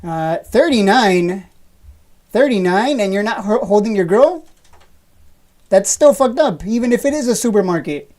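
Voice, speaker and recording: A woman's voice: medium pitch, expressive, measured pace, pauses often, dark tone. A woman in her thirties hosting a casual live stream, teasing her chat with profane, joking rants and frequent laughter. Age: 30s. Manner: laughs often between lines. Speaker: livestream host reading chat.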